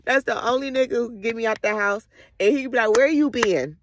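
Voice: medium pitch, fairly even intonation, quick pace, a bit bright, a little hiss or hum. A vlogger talking through a casual, rambling reflective monologue full of slang, swearing and frequent laughter.

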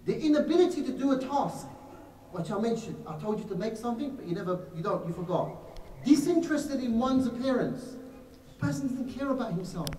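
A man's voice: very high voice, expressive, a little fast, dark tone, slight background noise. Man preaching in an echoey hall. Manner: addresses listeners as brothers, acts out little scenes. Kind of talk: religious lecture to a congregation. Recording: echoey hall recorded from far off.

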